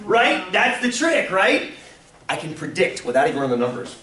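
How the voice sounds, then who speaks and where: Man, statistics lecture, animated storyteller, high voice, roomy classroom sound, distant mic. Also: moderate pace. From Delaware. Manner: animated storytelling, acts out voices, laughs often. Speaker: statistics teacher. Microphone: far room mic. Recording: echoey room from far off.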